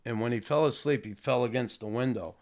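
A man, a former hockey player, telling old stories in a rambling, halting way with casual swearing. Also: mid-range voice. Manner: rambling, halting, with frequent restarts and fillers; swears casually, self-deprecating. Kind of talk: casual storytelling.

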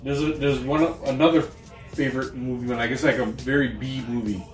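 A man's voice: medium pitch, fairly even intonation, fairly quick. A man co-hosting a casual chat podcast, swearing freely and laughing often. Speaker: podcast co-host. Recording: roomy, distant mic with faint music.

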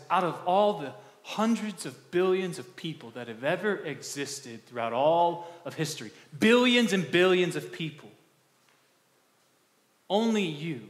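A male pastor preaching a conversational sermon, asking the congregation questions and restarting words in quick bursts. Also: a little high. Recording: echoey hall with long reverb.

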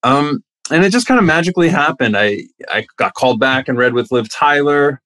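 Man, middle-aged, casual storyteller, animated, acts out quotes, middle pitch, dry close sound. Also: a little fast, no echo. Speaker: actor guest.

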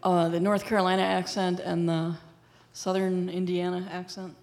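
A woman's voice: on the low side, flat delivery, moderate pace, darkish tone, big-room sound. A woman from Wisconsin co-hosting, chatting with light, amused interjections. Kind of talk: casual chat.

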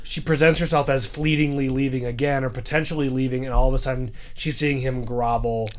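A man's voice: medium pitch, steady tone, fairly quick, crowd noise. A man co-hosting a podcast, recapping a show in casual chat with joking asides. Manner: joking, rambling, with playful asides. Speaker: podcast co-host.

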